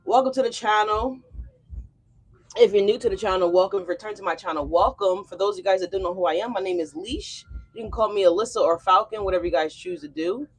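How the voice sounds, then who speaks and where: A woman's voice: mid-range voice, quick pace, husky. A woman hosting a casual tarot reading, chatting in a loose, slangy way and checking in with her viewers. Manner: slangy, chatty, keeps checking in with "okay?" and "y'all". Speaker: tarot reader and channel host.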